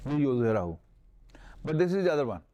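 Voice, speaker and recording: A man's voice: mid-range voice, very animated, a little fast, warm tone, dull audio. A man with a Pakistani accent teaching Arabic grammar in a classroom lecture, explaining step by step, repeating terms and reciting verses.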